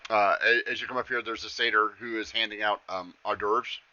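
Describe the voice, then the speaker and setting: A man narrating as game master of a tabletop game, with halting speech and many fillers. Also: lowish voice, steady tone, sharp tone. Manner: halting, lots of fillers and restarts. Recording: dull lo-fi stream audio.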